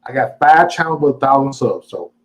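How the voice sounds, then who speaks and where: A man's voice: medium pitch, expressive, brisk, poor audio. A man hosting a casual live stream, greeting viewers and ranting at them in a profane, taunting, boastful way. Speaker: livestream host.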